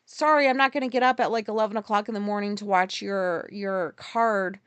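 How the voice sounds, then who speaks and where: A woman's voice: medium pitch, steady tone, brisk, fairly bright tone, smooth, dry recording. A woman hosting a solo podcast, ranting in an exasperated, profane, casual way. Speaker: podcast host.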